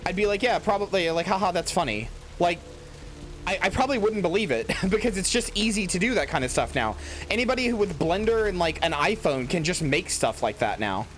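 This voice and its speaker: Man, streamer, casual game commentary, rambling, swearing, lively pitch, higher voice. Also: fairly quick, a little hiss or hum. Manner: rambling, swearing, lots of fillers.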